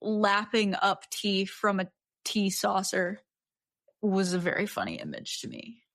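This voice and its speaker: A young woman guests on a casual book podcast in an even, mid-range voice. She talks hesitantly, with plenty of ums and easy laughter. The mic is close and dry. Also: medium pitch, measured pace, no echo. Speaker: podcast guest, host's wife. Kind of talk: casual book-discussion chat.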